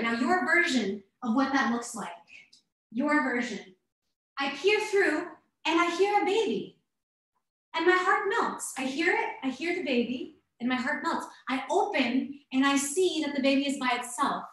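Woman guiding a dance lesson in a very echoey room. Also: high-pitched. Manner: slow guiding narration in first person, warm coaching asides. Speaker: dance instructor. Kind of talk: guided movement lesson.

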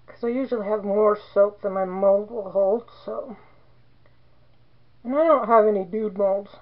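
A woman's voice: mid-range voice, a little slow, narrow, tinny audio. A woman in her forties chatting casually as she demonstrates soap making, rambling into joking asides. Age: 40s.

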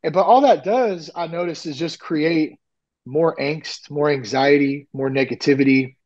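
A man's voice: a little high, unhurried. Chatty man with a raised, muffled voice. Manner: rambling, frequent "like" and "you know", animated retellings. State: nearly ten years sober. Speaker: podcast guest, recovery coach. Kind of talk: candid conversational storytelling.

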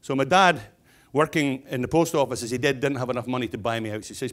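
A man's voice: medium pitch, fast talker, a bit bright. Scottish guy in his 60s giving a keynote, blunt and jokey, chatty. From Scotland. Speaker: keynote speaker, stonemason. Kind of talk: humorous keynote speech.

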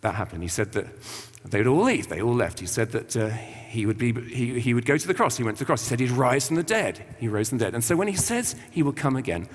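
Male preacher, English, casual and animated, lively pitch; church reverb. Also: fast talker, hardly any pauses. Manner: chatty and colloquial, acting out quotes with slang. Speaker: visiting preacher. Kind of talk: informal sermon.

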